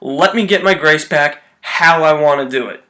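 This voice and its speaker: A man's voice: on the high side, normal speed, sharp tone. A man voicing a stubborn male angel who speaks in an insistent, pleading way, close to his own voice.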